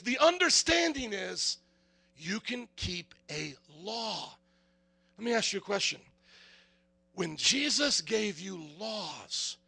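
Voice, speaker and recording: A man's voice: sits high, creaky, bright, forceful tone, breathy edge. A man preaching a sermon, firing rhetorical questions and acting out little dialogues.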